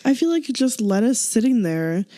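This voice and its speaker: A young woman co-hosting a casual chat, chiming in with relaxed remarks and short agreements. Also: a little high, moderate pace, dry recording. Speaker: podcast co-host.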